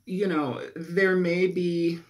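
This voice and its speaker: A man giving a casual tarot reading, rambling and clearing his throat often as he loses his voice after a nap. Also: high voice, flat delivery, slow. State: losing his voice, just woke from a nap. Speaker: tarot reader.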